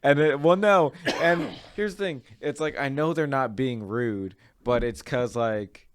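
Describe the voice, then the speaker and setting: A man's voice: medium pitch, measured pace, smooth. A young man guesting on a casual podcast, rambling with lots of "like" and "you know".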